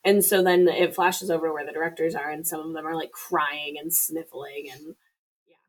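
Woman, podcast host, casual film recap, slightly low voice, swears, acts out quotes. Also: fairly even intonation, normal speed, low-quality recording.

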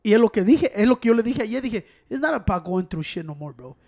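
Man, very high voice, rapid, blunt, profane. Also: big pitch swings, a little mellow. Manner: blunt, profane, says güey constantly. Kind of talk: casual chat, mixing Spanish and English.

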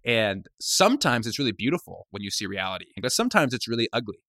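A man's voice: fairly low pitch, very animated, fast, pushed and bright, no echo, clean studio sound. A man hosting a podcast, talking in an earnest, searching way with many hedges. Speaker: podcast host. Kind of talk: reflective podcast talk.

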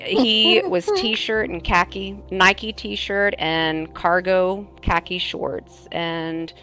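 Woman interviewee, lowish voice, earnest and halting recollection, faint music underneath. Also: pushed and bright. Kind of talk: personal recollection.

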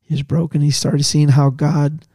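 A man, a missionary pastor, excitedly telling a personal story in quick bursts. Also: a little high, husky, no echo, clean studio sound.

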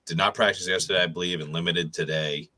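A man co-hosting a casual fantasy football chat, quick and teasing and quick to laugh. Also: deep voice, steady tone, sharp tone. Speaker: podcast co-host.

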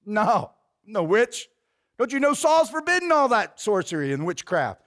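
A man's voice: high voice, sing-song, normal speed, fairly bright tone. A man voicing a wary woman medium who fears punishment, in a retold story. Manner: wary, defensive.

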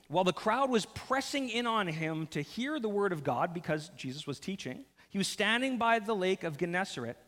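A man preaches a sermon in a fairly high voice that swings widely in pitch. He tells the story in an animated, conversational way with jokes. A long reverb from the large church hall trails behind his voice. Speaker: pastor.

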